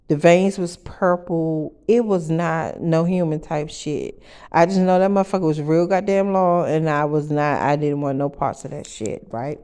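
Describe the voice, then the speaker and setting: A woman's voice: on the low side, clean tone. Brash, profane woman telling a wild story. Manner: brash, profane and animated, with loud bursts and asides to the audience. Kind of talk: profane first-person storytelling vlog.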